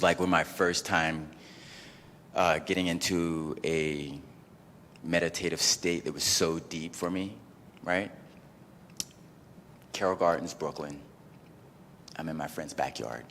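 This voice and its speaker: A man giving a casual personal storytelling talk at an event, animated and full of "like" and "you know". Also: rumbling low, slow pace, long pauses, in a large hall, slight background noise. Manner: animated, acts out his own inner voices. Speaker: event speaker. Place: event venue.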